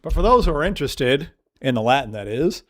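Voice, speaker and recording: A man's voice: mid-range voice, big pitch swings, brisk. A man teaching stock market technical analysis, walking through charts and piling up vivid words for emphasis. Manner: emphatic, piles up vivid synonyms. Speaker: market educator. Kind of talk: chart walkthrough lesson.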